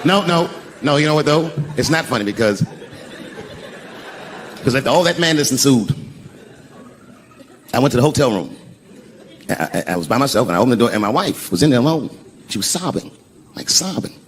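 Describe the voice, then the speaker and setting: A middle-aged man doing stand-up storytelling on stage, shouting some punchlines high. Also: animated, fairly quick, long pauses. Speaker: stand-up comedian. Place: stage before a live audience. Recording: noisy live stand-up room. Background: audience laughter.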